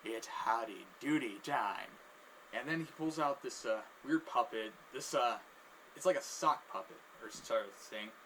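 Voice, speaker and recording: A man's voice: medium pitch, moderate pace, bright, forceful tone, a little hiss or hum, rough recording. A man telling a casual anecdote who rambles, restarts his sentences often, and loops through "and then" phrases. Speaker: storyteller.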